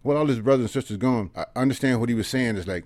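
A man in his seventies, a veteran and guest, telling stories in a folksy, earnest way and dropping into quiet asides. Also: medium pitch, very fast, dry recording. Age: 70s. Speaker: guest, veteran and organizer of a history project. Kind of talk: conversational storytelling.

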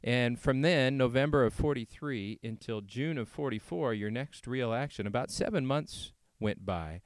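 A man interviewing a veteran, asking measured, prepared questions. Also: medium pitch, clear, resonant tone, no room sound. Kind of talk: oral history interview.

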